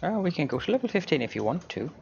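A man's voice: a little high, sing-song, very fast, vocal fry, a little mellow, dull audio, slight background noise. A man hosting a co-op let's-play, chatting casually with dry, wry remarks.

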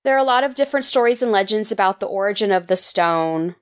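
A woman's voice: mid-range voice, lively intonation, quick pace. A woman co-hosting a podcast, casually summarizing articles in a playful way and laughing often. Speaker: podcast co-host.

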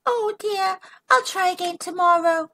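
A woman's voice: very high voice, unhurried, vocal fry, heavy background noise, pitched above the performer's own voice, heavily acted. A woman voicing a tiny, clumsy, eager young female ladybug, with squealing, breathless exclamations. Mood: dismayed.

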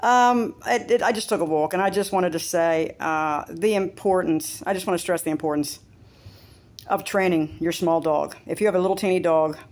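A woman telling a story in a casual vlog, chatty and animated, breaking into squeaky voices for other people. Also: normal speed. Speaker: vlogger. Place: outdoors after a walk.

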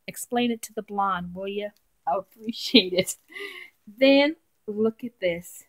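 A woman's voice: mid-range voice, takes it slowly, low-quality recording. A woman vlogger chatting casually as she unboxes craft supplies, gushing and talking to her viewers. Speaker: craft vlogger reviewing a swap.

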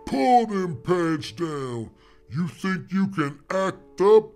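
A man's voice: high-pitched, big pitch swings, extremely slow, a little mellow, faint music behind, voice pushed up, heavily acted. A man voicing a fierce, furious middle-aged mother who scolds and threatens with cussing. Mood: angry.

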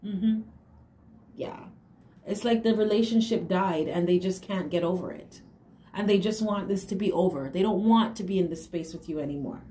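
A woman's voice: mid-range voice, moderate pace, dark tone. A woman giving a casual tarot reading straight to her viewers, talking emphatically and dropping affirming hums and small laughs between her points. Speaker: tarot reader. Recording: echoey room with faint hiss.

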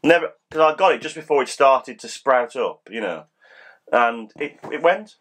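A man's voice: mid-range voice, expressive, moderate pace, fairly bright tone. A middle-aged man in casual chat as co-host, rambling and teasing, with a slight cold.

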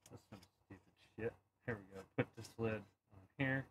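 A man streaming himself playing a game live, swearing and yelling angrily at the game between muttered asides to chat. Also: on the low side, moderate pace, a little hiss or hum. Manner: profane, ranting, yelling at the game. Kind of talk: live gameplay stream commentary.

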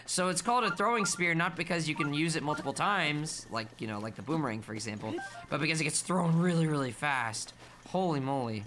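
A gaming streamer giving casual let's-play commentary, playful and affectionate, often dropping to a soft murmur. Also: mid-range voice, brisk. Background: game music.

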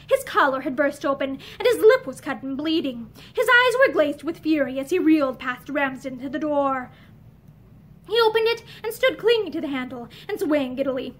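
High-voiced woman reading a novel. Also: animated, moderate pace, a bit bright. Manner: reads with dialogue voiced in character. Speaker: audiobook reader. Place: room with bookshelves.

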